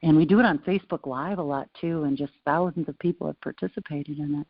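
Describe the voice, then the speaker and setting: Brief: low-pitched woman, interview guest, playful animated storyteller, dry close sound. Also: fast, dry recording. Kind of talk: casual interview conversation. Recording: dull lo-fi sound.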